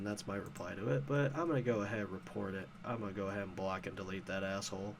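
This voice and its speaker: A man's voice: fairly low pitch, fairly quick, bright, forceful tone, slight background noise. A man hosting a casual commentary show, ranting about online arguments in a profane, sarcastic, heated way. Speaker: host.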